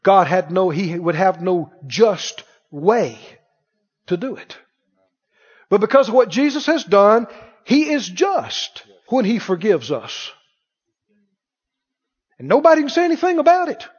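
A man's voice: sits high, sing-song, a little slow, pauses often, slightly rough. A man preaching a sermon as pastor, animatedly acting out the voices of doubting people. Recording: dull audio with long hall reverb.

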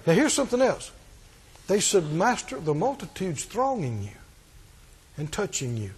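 A preacher delivering a sermon, animated and pushing up into emphatic shouts. His voice sits unusually high for a man and swoops lively across a wide range. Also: moderate pace, breathy edge.

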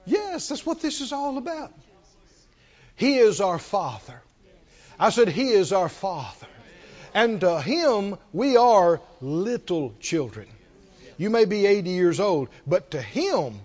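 A man preaching a sermon as pastor, animated and repetitive, calling on the congregation to answer back. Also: high-pitched. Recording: dull lo-fi recording.

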